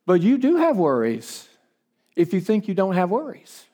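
Guy preaching a sermon, bit of a higher voice, punches key lines and repeats them, chatty asides and restarts in between. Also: huge pitch swings, mellow. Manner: emphatic, repeats key phrases for weight; conversational asides with quick restarts. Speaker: pastor.

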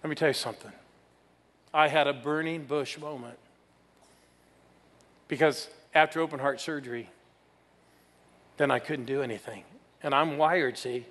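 A man's voice: mid-range voice, steady tone, normal speed, pauses often, fairly bright tone. Sixty-year-old man preaching in a hall. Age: 60s. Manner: storytelling, playful with the audience. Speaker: pastor. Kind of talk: sermon.

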